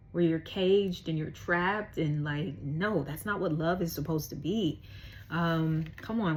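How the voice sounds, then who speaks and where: A woman's voice: on the low side, darkish tone, slight background noise, poor audio. Chatty, slangy tarot reader woman. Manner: chatty, slangy and profane, laughs often. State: out of breath. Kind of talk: casual tarot reading.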